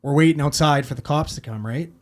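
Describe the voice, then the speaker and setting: A man's voice: fairly high pitch, fairly quick. A man, a paramedic telling a story in casual podcast chat, profane and rambling as he acts out quotes.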